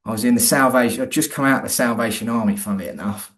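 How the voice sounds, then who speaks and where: A man's voice: mid-range voice, racing, fairly bright tone. A man, a guest in an interview, telling a personal story in a rambling, colloquial way with many restarts.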